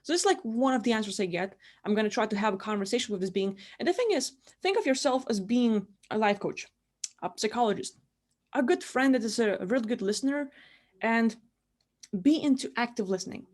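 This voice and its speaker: A woman's voice: on the high side, animated, brisk, darkish tone. A woman giving casual guided spiritual instruction from her room, rambling and filling her talk with "like". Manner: rambling, heavy use of "like". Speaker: spiritual teacher.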